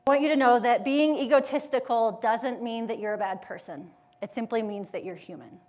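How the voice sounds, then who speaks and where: A motivational speaker and yoga educator, an adult woman with school-age children, gives a live talk to an audience in a fairly high voice. She's lively and conversational, putting questions to the room and animatedly acting out inner voices with quick quotes.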